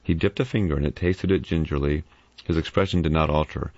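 A man narrating an audiobook in a steady, grave reading. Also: rumbling low, fairly quick. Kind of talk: scripted narration. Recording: dry, muffled recording.

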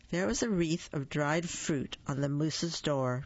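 A reader narrating a children's holiday story in a slow, deliberate way. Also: mid-range voice, no room sound, lo-fi sound. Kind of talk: children's story read-aloud.

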